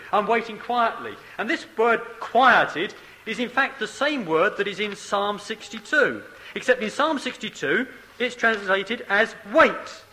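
Male preacher, high voice, bright tone, emphatic then hushed. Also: rough recording. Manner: swings from loud emphatic declarations to low quiet asides. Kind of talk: sermon.

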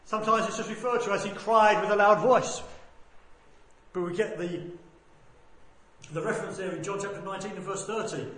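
A man preaching a sermon, swinging between loud proclaiming and quiet, low asides. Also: fairly even intonation, fairly quick, long pauses, very echoey.

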